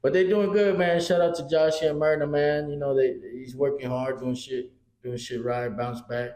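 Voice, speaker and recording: A man's voice: a little high, moderate pace. A man, chatting casually as a podcast co-host, telling stories with lots of swearing. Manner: profane, animated storyteller. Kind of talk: casual chat. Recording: echoey room.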